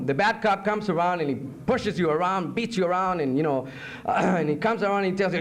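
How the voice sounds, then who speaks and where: A male poet reading his work aloud live to a college audience, animated, moving between English and Spanish. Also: high voice, moderate pace.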